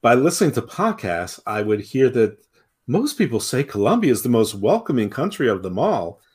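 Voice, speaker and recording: Guy co-hosting a podcast, teasing banter, mid-pitched voice. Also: big pitch swings, a little mellow, husky. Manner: quick teasing banter, goofy put-on voices. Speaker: podcast co-host. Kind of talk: casual chat.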